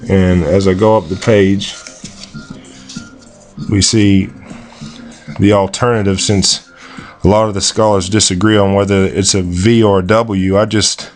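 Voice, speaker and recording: A man talking slowly and deliberately over a screen recording, often repeating himself and spelling things out. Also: lowish voice. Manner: slow and deliberate, repeats words, spells out pronunciations. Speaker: self-made video presenter. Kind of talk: slow screen-recorded walkthrough.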